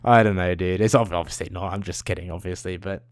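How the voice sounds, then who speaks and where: A young man rants to his camera in a rambling, foul-mouthed, self-mocking way. His voice sits a little low. The sound is dry and close. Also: fairly even intonation, fast, dry recording. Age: young adult. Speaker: vlogger. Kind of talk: casual rant to camera.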